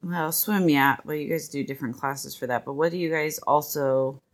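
A woman in her thirties with a slightly low, relaxed speaking voice, talking casually as a podcast co-host. She laughs easily and pauses to think before her answers. The conversation sounds loose and unscripted. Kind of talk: casual chat.

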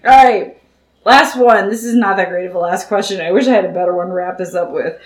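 A woman's voice: medium pitch, fairly quick, reverberant. A woman hosting a casual podcast, chatty and self-deprecating as she asks the questions. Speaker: podcast host asking questions.

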